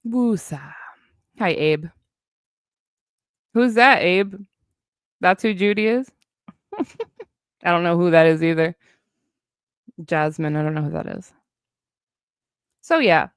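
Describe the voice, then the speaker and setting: A woman's voice: lowish voice, slow, long pauses, clear, resonant tone, no echo. Profane, heated woman ranting, dry sound. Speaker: streamer addressing online critics. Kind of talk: angry livestream rant.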